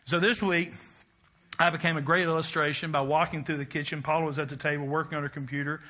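Male pastor, middle-aged, high and very bright tone, animated self-deprecating sermon delivery. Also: fast talker. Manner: animated storytelling, self-mocking, rising to loud exclamations.

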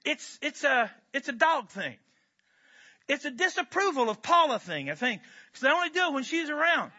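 Pastor guy preaching, joking around and chatty, high very bright voice, dull lo-fi recording. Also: moderate pace. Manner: animated, joking, conversational. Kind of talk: sermon.

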